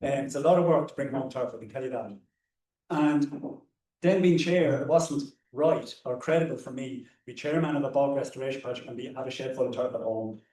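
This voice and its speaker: An Irish man tells anecdotes on a panel, his mellow voice tripping over repeated words. He is picked up from some distance away. A roomy echo surrounds him. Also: medium pitch, fairly quick. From Ireland. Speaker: conservationist panelist. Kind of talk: panel discussion. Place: hall or seminar room.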